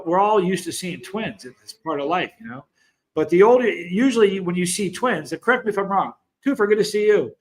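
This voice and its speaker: Fifty-something guy from the states, kinda high voice, just chatting on a livestream, rambles a lot. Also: fairly bright tone, poor audio. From United States. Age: 50s. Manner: rambling, chatty, greets viewers by name. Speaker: host of a chili channel. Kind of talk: casual livestream chat.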